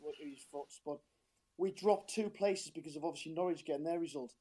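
A man's voice: fairly high pitch, fast, mellow, husky. A man calling in as a football fan, talking in a passionate, frustrated, rambling way with a strained voice. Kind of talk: casual phone-in chat.

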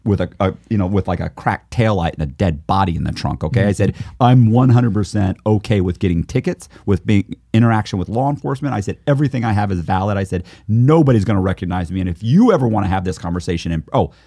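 A man's voice: on the low side, fast, hardly any pauses, mellow, slightly rough, dry recording, studio quality. A middle-aged man, the guest, telling a story in a podcast interview and acting out both sides of the dialogue. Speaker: guest, author.

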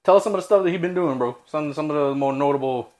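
A man's voice: on the high side, fast talker, a crowd in the background. A man co-hosting a podcast, teasing his partner with profane, joking banter. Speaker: podcast co-host. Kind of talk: casual chat.

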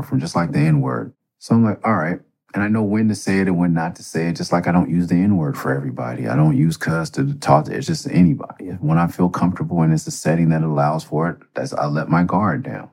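Gravelly deep-voiced man telling a story. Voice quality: gravelly, husky low voice. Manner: loose, profane, animated storytelling with frequent fillers. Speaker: rapper telling a personal story. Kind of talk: casual storytelling podcast.

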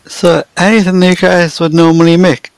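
A man's voice: high-pitched, flat delivery, brisk, creaky, no room sound, rough recording. A man playing his tabletop character, friendly and helpful in manner. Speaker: player. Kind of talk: in-character tabletop role-play.

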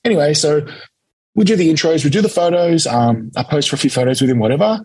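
A young Australian man, an interview guest, telling a lively casual story and acting out quoted lines. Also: fairly high pitch, quick pace, slight background noise, rough recording. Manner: animated anecdote-telling, acts out quotes. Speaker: interview guest, competitive eater.

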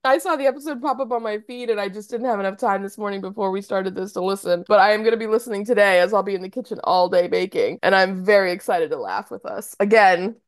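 An American woman chatting on a podcast, animated and laughing often. Her voice sits at a middle pitch for a woman. It comes through a close mic in a dry, dead room. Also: quick pace, few pauses, dry recording. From United States. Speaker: podcast co-host. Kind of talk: casual chat.

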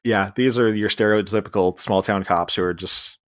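A man's voice: fairly low pitch, fairly even intonation. Man casually recapping a movie. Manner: recounts plot, acting out lines in quick voices. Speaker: podcast co-host.

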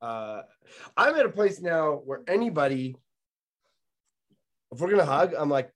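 A man's voice: fairly high pitch, big pitch swings, measured pace. A man hosting a comedy podcast, rambling through stories, swearing freely and laughing as he talks. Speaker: podcast host. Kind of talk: casual comedy podcast chat.

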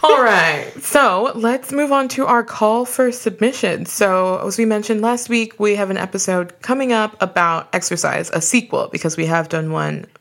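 A woman's voice: mid-range voice, normal speed, vocal fry, few pauses, a bit bright. A woman co-hosting a casual podcast, joking and laughing often as she talks. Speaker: podcast co-host.

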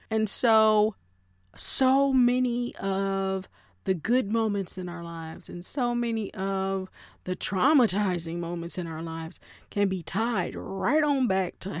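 A woman hosting a solo podcast, animated and playful, talking straight to her listeners in slangy casual chat on a close mic. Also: medium pitch, no room sound. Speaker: podcast host.

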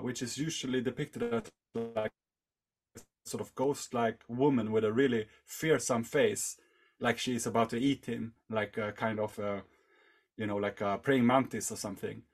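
A man telling a long story in casual conversation, rambling and leaning on fillers. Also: medium pitch. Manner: rambling, heavy on fillers like "like" and "you know". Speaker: podcast guest.

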